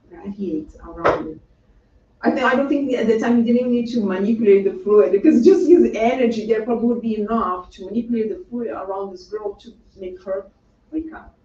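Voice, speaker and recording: A spiritual lecturer giving a public talk in a casual, conversational way, often checking in with the audience with a quick "right?". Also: mid-range voice, dark tone. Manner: conversational, peppered with rhetorical "right?" and asides. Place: lecture room. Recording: roomy, distant, dull-sounding room recording with faint background noise.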